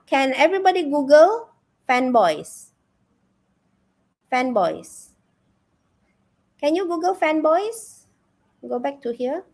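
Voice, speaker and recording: Lively Malaysian woman teaching English online. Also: high-pitched. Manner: animated, coaxing, asks the class questions. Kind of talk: live online exam-prep lesson.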